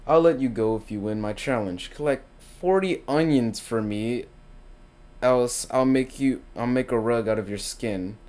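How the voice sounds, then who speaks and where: A man voicing a gruff, bossy male ogre who makes blunt threats in a game. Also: medium pitch, measured pace, a little mellow, close to an everyday voice. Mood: menacing.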